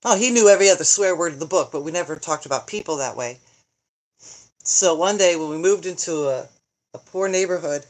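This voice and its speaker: A middle-aged woman chatting casually on a livestream, joking, rambling and answering viewer comments as she goes. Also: on the low side. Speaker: vlogger, grandmother. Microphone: phone.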